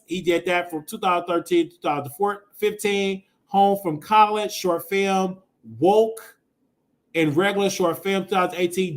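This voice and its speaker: High-voiced expressive male show host. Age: 30s. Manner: emotional, expressive, swings into loud exclamations. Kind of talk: casual commentary show.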